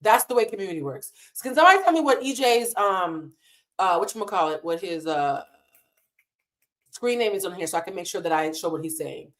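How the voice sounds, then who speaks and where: A woman's voice: lowish voice, animated, fairly quick, a bit bright. A woman hosting a live stream, talking in a casual, impassioned and emotional way and swearing freely. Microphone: desk mic in a hotel room.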